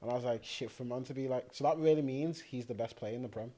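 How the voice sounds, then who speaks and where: A man's voice: medium pitch, quick pace. A young man from co-hosting a casual podcast chat, telling stories with lots of laughter and acted-out quotes. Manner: animated storyteller, laughs often, acts out quotes. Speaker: podcast co-host.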